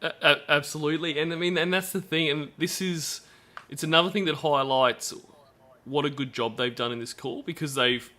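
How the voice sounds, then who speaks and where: Aussie bloke hosting a stream, bright voice, chatty and self-deprecating. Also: male voice, a little high, normal speed. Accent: Australian. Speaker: stream host. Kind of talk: casual commentary chat.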